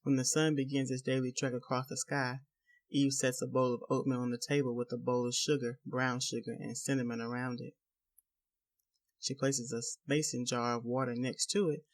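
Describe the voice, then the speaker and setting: An audiobook narrator, a man with a medium-pitched voice, reads a novel as scripted narration.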